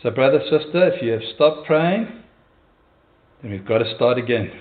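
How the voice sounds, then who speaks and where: A man's voice: mid-range voice, animated, normal speed, narrow, tinny audio. A man preaching a sermon in a church as pastor, in an earnest, conversational manner with hesitations.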